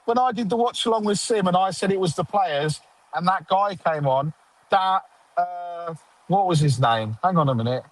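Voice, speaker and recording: A man hosts a casual football fan chat in a high voice. He is sarcastic and mocking, grumbling about his own side with a joking edge. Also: no echo, poor audio. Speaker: fan show host.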